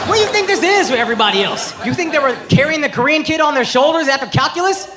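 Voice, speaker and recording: Onstage at a comedy club, a stand-up comedian in his thirties swears freely, slips into acted-out voices and keeps his set brash and punchy. He talks fast in a very high, expressive voice with barely a pause. Loud laughter and cheering from the crowd fill the background of this live show.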